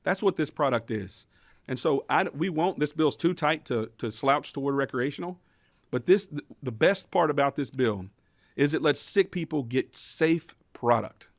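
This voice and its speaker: A man's voice: on the high side, lively intonation, normal speed, no echo. Guy testifying at a hearing, gets fired up, dry mic. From Kentucky. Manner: impassioned storytelling, building to emphatic rhetorical questions. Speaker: state representative, bill sponsor. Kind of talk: legislative committee testimony.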